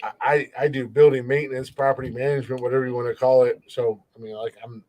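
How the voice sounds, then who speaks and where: A man hosts a podcast in a loose, rambling chat, telling folksy stories and swearing without a second thought. His voice sits at an ordinary middle pitch. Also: level tone, fast talker, darkish tone, poor audio. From rural countryside. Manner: rambling, profane, folksy storytelling. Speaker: podcast host.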